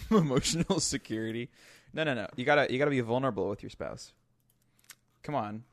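A man's voice: medium pitch, fairly quick, dry recording, clean studio sound. A young man co-hosting a casual gaming podcast, joking around and laughing often. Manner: jokey, laughs often, trying a mock Australian accent. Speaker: podcast co-host. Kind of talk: casual chat.

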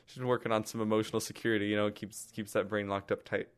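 A man's voice: fairly low pitch, level tone, fast talker, smooth. A young married man co-hosting a gaming podcast, joking in a dry, understated way. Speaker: podcast co-host. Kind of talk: casual chat.

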